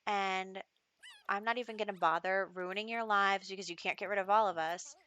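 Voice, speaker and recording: A woman voicing a calm, determined young woman in a life-sim game who reassures her brother, close to her own voice. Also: medium pitch, moderate pace, dry recording, highs cut off, close to an everyday voice. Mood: steely.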